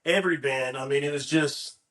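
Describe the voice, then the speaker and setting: A man's voice: mid-range voice, brisk, sharp tone. A man co-hosting a casual podcast, agreeable and emphatic. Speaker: podcast co-host. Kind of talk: casual chat.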